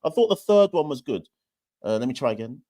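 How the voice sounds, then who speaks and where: A man's voice: mid-range voice, sing-song, brisk, warm tone. A young man hosting a live cricket watchalong, chatting casually to viewers in a loose, self-deprecating way. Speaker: podcast host.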